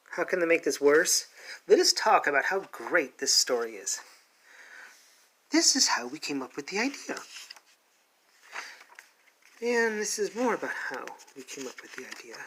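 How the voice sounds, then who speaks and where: A man's voice: on the high side, a bit bright, slight background noise. A man casually reviewing a comic book, sarcastic and exasperated, reading parts aloud.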